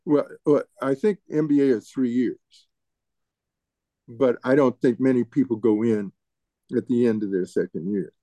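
Older man, interviewee, reminiscing, halting, repeats words, warm dark tone, dry recording. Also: medium pitch, no room sound. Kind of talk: reminiscing storytelling.

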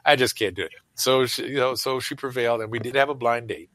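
A man's voice: medium pitch, quick pace, fairly bright tone, dry recording. An older man telling casual stories in an interview, rambling with many fillers and asides, and talking over a call. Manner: rambling anecdotes full of fillers and laughs. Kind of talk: casual storytelling.

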